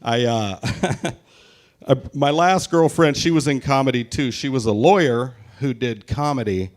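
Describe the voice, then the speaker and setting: Forties stand-up comic from Tacoma, foul-mouthed and self-mocking, average pitch, live set. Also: male voice, measured pace. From Tacoma, Washington, US. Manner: crude, self-mocking, swears a lot. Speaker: stand-up comedian. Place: live show at a brewery.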